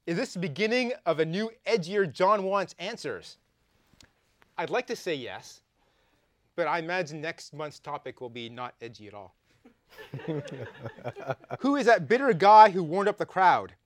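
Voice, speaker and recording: Canadian guy hosting a comedy talk show, high voice, bouncy, dry close sound. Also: big pitch swings, a little slow, long pauses, dry recording. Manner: playful, reading tweets aloud. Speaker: host.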